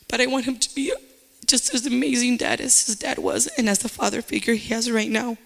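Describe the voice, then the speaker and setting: A woman's voice: fairly high pitch, steady tone, normal speed, creaky, a bit bright. A middle-aged woman giving an emotional personal testimony at church, repeating herself and slipping into Spanish phrases.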